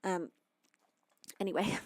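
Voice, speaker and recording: A woman's voice: slow, dry recording, clean studio sound. A young woman from the UK, a singer-songwriter, chatting to her live chat in a rambling, friendly way while feeling tired. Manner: chatty, rambling, greets viewers warmly. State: tired and sleepy.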